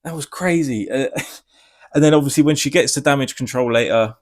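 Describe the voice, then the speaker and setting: A man giving a casual spoiler review, rambling and excitable, swearing freely. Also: medium pitch, fairly quick. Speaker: film reviewer.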